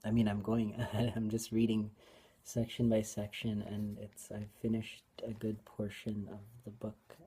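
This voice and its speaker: A tearful woman sharing a personal Bible reflection in a halting, hesitant way, often dropping to a whisper. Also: a bass voice, slight background noise. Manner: halting, hesitant, with many restarts; soft-spoken, often drops to a whisper. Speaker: vlogger.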